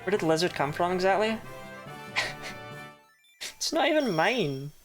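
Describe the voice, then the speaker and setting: A woman's voice: lowish voice, big pitch swings, moderate pace, soft background music. A woman chatting casually while streaming a game, laughing often and swearing now and then. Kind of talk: casual live-stream commentary.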